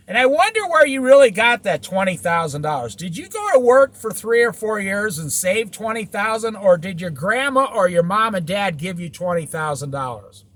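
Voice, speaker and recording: A man's voice: high voice, fairly bright tone. A man giving an opinionated, preachy monologue about living simply in a van, repeating points and firing rhetorical questions. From United States. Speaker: van-life vlogger.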